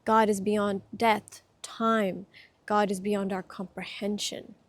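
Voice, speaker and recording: A woman giving a casual spiritual talk outdoors, soft-spoken and reflective, pausing often and getting emotional. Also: mid-range voice, flat delivery, no echo. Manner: gets emotional. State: itchy from hay fever. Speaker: spiritual speaker.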